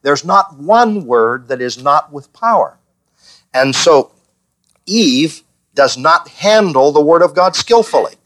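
A man's voice: fairly high pitch, lively intonation, takes it slowly, fairly bright tone. A man leading a Bible study class, putting questions to the group and acting out the lines he quotes. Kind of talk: teaching a small class.

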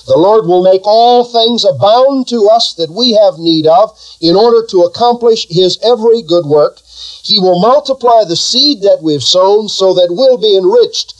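A man's voice: sits high, unhurried, rough recording. A male pastor preaching a sermon, building emphasis through repetition and leading the congregation in call-and-response.

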